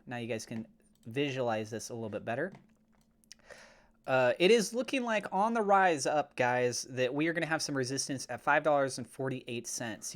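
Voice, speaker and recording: A man hosting a crypto channel, talking through price levels on charts in a steady way, with fillers like uh. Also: mid-range voice. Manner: mock-gushing and over the top when praising. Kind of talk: chart analysis commentary.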